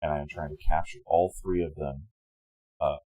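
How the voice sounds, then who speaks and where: A man playing a tabletop game, explaining his spell in a halting way with many fillers. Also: extremely low pitch, fairly even intonation, warm tone, dry recording, low-quality recording.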